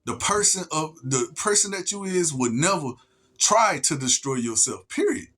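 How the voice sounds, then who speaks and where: A man's voice: a little high, expressive, a bit bright. A man delivering a heated, profane monologue rant to the camera as a vlogger, repeating and restarting his words and stretching out wordplay. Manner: drawn-out wordplay, slows down.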